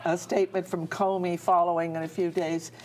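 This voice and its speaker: A woman speaks on a studio political panel with a fairly low voice for a woman. She is earnest and halting, circling back over her words, while a faint hiss sits underneath. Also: flat delivery, a little mellow. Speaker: panelist, speech coach.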